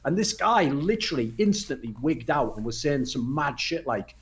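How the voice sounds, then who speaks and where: A man speaking as a guest in a casual podcast chat, blunt and profane, telling animated stories. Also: medium pitch, normal speed. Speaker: podcast guest, retired pro gamer.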